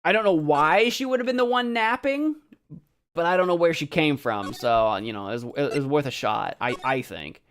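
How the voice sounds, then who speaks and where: A woman's voice: sits low, animated, moderate pace, faint music behind. A woman giving casual, self-mocking commentary while playing a game, chatty and laughing often. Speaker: let's play streamer.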